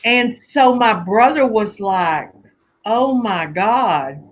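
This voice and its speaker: A woman telling family stories in a casual conversation, animated and laughing often as she acts out voices. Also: medium pitch, takes it slowly. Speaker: guest conjure teacher.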